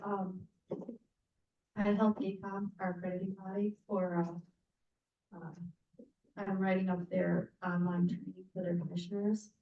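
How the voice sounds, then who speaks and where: A woman's voice: lowish voice, mellow, dull audio. Woman, program organizer, chatty announcements, echoey room. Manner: chatty, quick asides and quoted voices. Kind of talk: casual announcements to a class.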